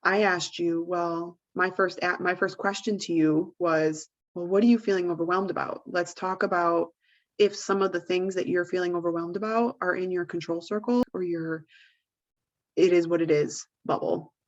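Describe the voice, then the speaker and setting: Woman co-host, lowish voice, talks casually with lots of fillers, muffled lo-fi audio. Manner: rambling, full of "like" and "you know". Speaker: podcast co-host. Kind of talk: casual advice chat.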